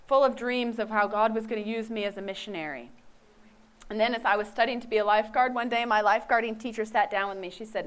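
A woman in her forties giving a candid, self-mocking personal faith testimony. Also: mid-range voice. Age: 40s.

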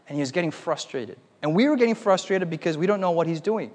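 A man preaching a lively sermon, telling a playful story and calling on the audience for amens. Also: fairly high pitch, fast, hardly any pauses, big-room sound. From United States.

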